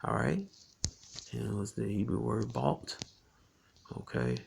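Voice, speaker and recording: A man with a low, gravelly voice gives a loose, chatty Bible teaching. He keeps saying "man" and "all right" as he goes, and slows down to read the verses. His talk is broken up by frequent chuckles. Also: animated, a little mellow, slight background noise. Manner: conversational, tags lines with "man" and "all right"; reads scripture slowly and deliberately. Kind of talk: informal scripture teaching.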